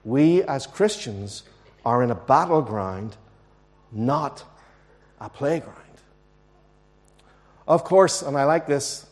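A man preaching a sermon in a church, earnest and emphatic, slowing down to stress key words. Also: mid-range voice, lively intonation. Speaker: pastor.

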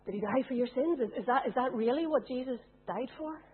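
A woman's voice: high-pitched, fast talker, breathy edge. A woman preaching a sermon, putting questions to her congregation. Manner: asks the congregation rhetorical questions. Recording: tinny phone-like sound.

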